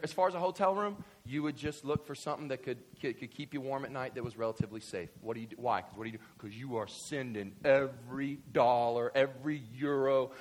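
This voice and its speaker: Animated man preaching a sermon. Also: medium pitch. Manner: animated, swings from quiet to loud excited bursts. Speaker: pastor.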